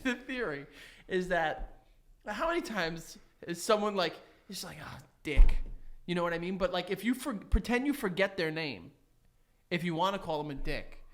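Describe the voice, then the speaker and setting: In a high-pitched voice at normal speed, a man co-hosting a podcast chats casually and rambles through his stories. He's animated, leans hard on "like" fillers, and laughs as he tells them.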